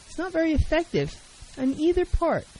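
A middle-aged woman counselor who talks in a calm, measured way and acts out example dialogues. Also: sits high, low-quality recording. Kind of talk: talk radio advice segment.

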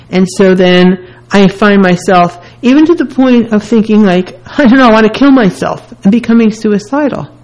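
A woman's voice: medium pitch, moderate pace, a little mellow, rough recording. A woman hosting a self-help radio talk, speaking earnestly and candidly in short repeated phrases. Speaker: radio host.

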